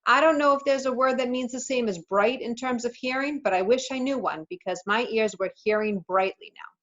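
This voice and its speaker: A woman teacher reading a children's novel aloud to her class in a steady storytelling voice. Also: on the high side, fairly quick. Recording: slightly muffled recording.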